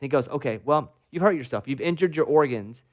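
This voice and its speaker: Radio host guy telling a story, mid pitch, animated and joking at himself, studio mic. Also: a little fast. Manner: animated, self-mocking storyteller. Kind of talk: casual storytelling on morning radio.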